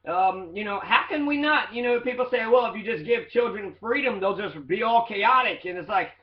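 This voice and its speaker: A man with a fairly high voice talks casually, rambling and sprinkling in fillers and swearing. His voice bounces around an echoey room, and the recording sounds slightly dull and muffled. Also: lively intonation, normal speed, hardly any pauses. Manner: loose, profane, rambling with fillers. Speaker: teacher in training. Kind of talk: casual monologue reading quotes.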